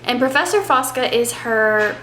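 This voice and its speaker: A woman chatting excitedly as she recaps a book for her vlog, with the odd breathy whispered aside, filmed at home on a tripod camera. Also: fairly high pitch, moderate pace. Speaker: book vlogger. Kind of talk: casual reading vlog chat. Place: home reading nook, indoors. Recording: roomy echo with faint background noise.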